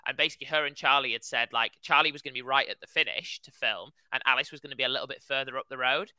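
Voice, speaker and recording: A man's voice: mid-range voice, rapid-fire, clean tone, no room sound, poor audio. A man in his twenties, a podcast co-host, telling a story in casual chat and filling it with "like". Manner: animated storytelling, heavy use of "like".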